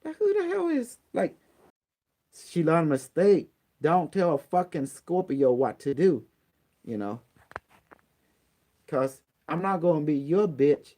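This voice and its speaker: A man's voice: on the high side, sing-song, unhurried, long pauses, mellow. A man with non-native grammar ranting bluntly and profanely as a channel host. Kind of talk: casual rant on a phone call.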